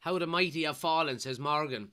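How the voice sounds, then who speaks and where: An Irish man from Kilkenny with a blocked nose from a cold, excitedly commenting live on a football match and reading out chat messages as a watchalong streamer. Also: a little high, brisk, smooth. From Kilkenny, Ireland. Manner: excitable, shouts at players and referee.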